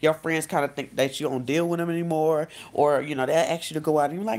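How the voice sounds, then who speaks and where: A woman's voice: deep voice, quick pace, hardly any pauses. Woman life coach talking straight to camera. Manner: conversational, speaks straight to viewers, acts out quotes. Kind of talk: casual advice vlog.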